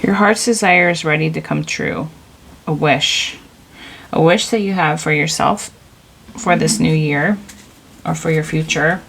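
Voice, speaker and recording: Woman tarot reader, low and unhurried, gravelly edge, loose rambling delivery. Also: a bit bright, slight background noise, low-quality recording. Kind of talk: casual intuitive tarot reading.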